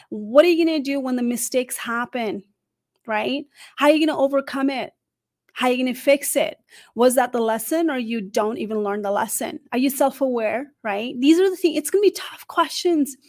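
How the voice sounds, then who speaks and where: Energetic woman coaching on job interviews. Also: sits high, moderate pace. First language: not English. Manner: animated, asks the audience questions, often adds "right?". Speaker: career coach. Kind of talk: live-streamed interview advice talk.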